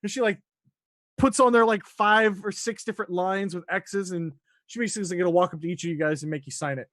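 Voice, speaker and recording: A man running a tabletop game as dungeon master on a live stream, narrating in a rambling, animated way. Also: high-pitched, fast talker, no room sound, clean studio sound.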